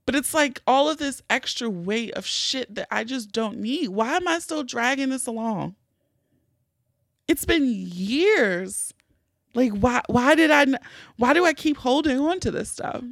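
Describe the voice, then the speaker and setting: A woman's voice: high voice, expressive, measured pace, dry recording, studio quality. Candid, profane woman podcast host. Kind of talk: casual storytelling.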